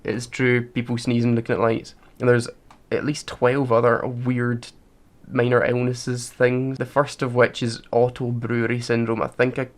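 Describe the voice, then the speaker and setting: Male podcast co-host, argumentative, mid pitch, casual chat. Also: completely flat delivery, normal speed. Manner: argumentative, reads out facts.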